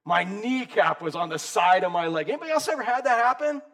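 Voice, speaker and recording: A man in his sixties preaching a casual, lively sermon, calling listeners dude and bro. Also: high-pitched, fast talker. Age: 60s. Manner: animated, slangy, calls the audience dude and bro. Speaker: pastor.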